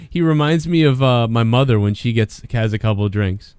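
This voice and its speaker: A man's voice: medium pitch, moderate pace, darkish tone, clean tone, no echo. Rambling storytelling man, dry sound. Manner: rambling storyteller, mimics others with voices. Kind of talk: crude casual chat.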